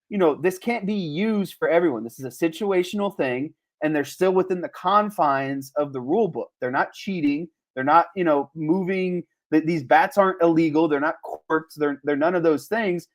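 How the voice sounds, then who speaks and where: A man co-hosting a podcast in casual sports chat, animated and laughing often. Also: on the high side. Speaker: podcast co-host.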